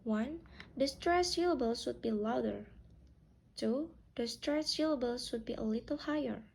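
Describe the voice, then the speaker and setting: A young woman leads a class lesson in a very slow, deliberate delivery. Her slightly high voice carries a gravelly fry throughout. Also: a little mellow, rough recording. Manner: slow, drawn-out teaching delivery. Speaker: student presenter. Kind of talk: class presentation.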